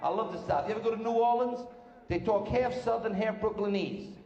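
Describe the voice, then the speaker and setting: A man doing a live stand-up routine with brash, rapid-fire joke telling on a large stage. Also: high-pitched, highs cut off. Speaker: stand-up comedian. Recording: roomy live hall with faint noise.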